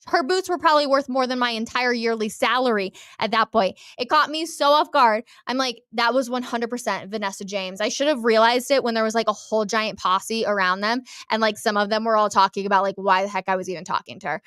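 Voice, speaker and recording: A young American woman hosting a casual sports talk show, chatty and animated, often speaking straight to her listeners. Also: medium pitch, brisk, clean tone, no room sound, clean studio sound. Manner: chatty and animated, addresses listeners as "you guys". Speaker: sports radio host.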